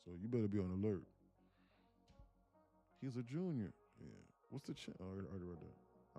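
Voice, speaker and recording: A man hosting a live day-trading stream, telling stories in a casual, animated way and muttering about the charts. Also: on the low side, normal speed, long pauses, soft background music. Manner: animated storytelling, acts out quotes, laughs often. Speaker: livestream day trader. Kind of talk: casual livestream chat.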